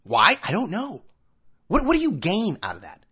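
A man's voice: high-pitched, huge pitch swings, normal speed, bright, forceful tone, husky. A man hosting a sports talk show, ranting sarcastically in a casual monologue full of asides. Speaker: sports podcast host.

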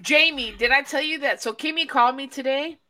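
A woman's voice: sits high, a little fast, bright, forceful tone, a little hiss or hum. A woman from Chicago co-hosting a casual podcast, blunt and swearing, drawing out words for emphasis. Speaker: podcast co-host.

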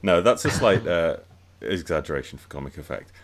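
A man's voice: low voice, animated, fairly quick. A man in a casual podcast chat, giving dry, blunt criticism. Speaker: podcast panelist.

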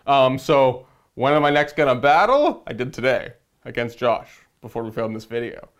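A man's voice: mid-range voice, animated, normal speed. A young man co-hosting a casual hobby chat, talking in a rambling, jokey way with frequent restarts. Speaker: co-host.

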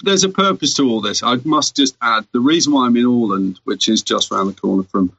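A man's voice: medium pitch, a little fast, vocal fry, fairly bright tone, husky, dry recording, lo-fi sound. A young British man talking as a podcast guest, with dry, self-deprecating humour, recording from inside a wardrobe. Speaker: podcast guest, course writer. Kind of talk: casual chat, remote guest.

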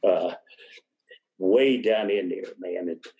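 An older man talks through his memories in a relaxed interview. His voice sits low, and he drifts from one story to the next, laughing softly mid-sentence. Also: slow, lo-fi sound. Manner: rambling anecdotes, chuckles mid-sentence. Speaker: guest, retired wrestler.

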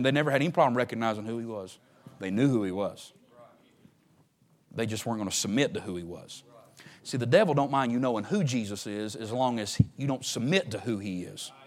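A man preaching a fervent sermon, swinging between hushed lines and loud ones. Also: medium pitch. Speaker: pastor.

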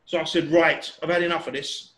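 An older man in his sixties spins a long, chatty anecdote, acting out the noises and voices as he goes. His voice sits notably high for a man. The recording has a roomy echo around it. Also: brisk. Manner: animated, chatty, acts out voices and sounds. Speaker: storyteller. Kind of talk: casual anecdote telling.

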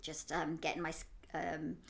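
A woman's voice: low-pitched, flat delivery, moderate pace, gravelly. A woman co-hosting a casual podcast chat, telling stories in a chatty, giggly way. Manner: chatty anecdotal storyteller, giggly. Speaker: co-host.

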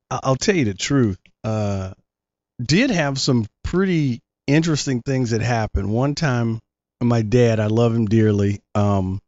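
A male guest on a talk show, telling a rambling, anecdotal story. His voice sits at an ordinary middle pitch. The recording is dry and dull, like lo-fi audio. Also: darkish tone, no echo. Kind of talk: casual chat.

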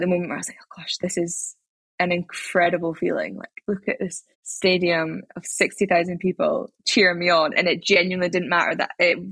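A young Scottish woman talks at a fast clip in a casual interview, her voice a touch low and husky. She tells her stories with chatty, animated energy and plenty of fillers. The recording is dry and close. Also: dry recording. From Scotland. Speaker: interviewee, athlete.

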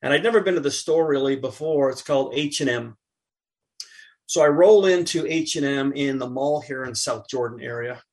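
A middle-aged man, a podcast guest, chatting casually and telling an animated anecdote while acting out what others said. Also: medium pitch, normal speed. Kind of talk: casual chat, storytelling.

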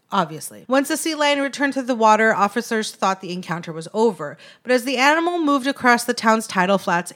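A woman's voice: fairly high pitch, fairly bright tone. A woman co-hosting a casual podcast, reading local news aloud with sarcastic asides and frequent laughter. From immigrant to the United States. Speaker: podcast co-host.

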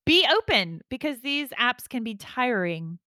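A woman's voice: on the high side, very animated, measured pace, sharp tone, no echo. A woman hosting a casual podcast, upbeat and laughing often as she gives out points. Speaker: podcast host. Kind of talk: casual chat.

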